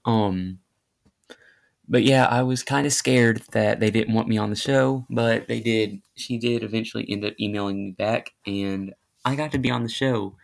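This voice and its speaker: A man tells a personal story on his own podcast in a loose, casual monologue. His voice is gravelly and full of fry, and he rambles, circles back, and pokes fun at himself, with plenty of fillers along the way. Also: fairly low pitch, steady tone, normal speed. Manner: rambling and self-deprecating, with many fillers and restarts. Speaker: podcast host.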